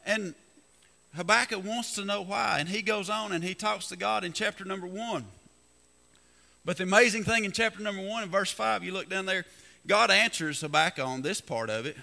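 A man preaching a sermon as pastor, reading scripture slowly and building emphasis. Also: sits high, gravelly, sharp tone, in a large hall. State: coughing, slightly hoarse.

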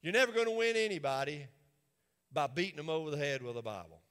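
A man's voice: on the high side, sing-song, fast, a bit bright, smooth. A man preaching a sermon in a church, with an emphatic, repetitive cadence. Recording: long reverb of a large hall.

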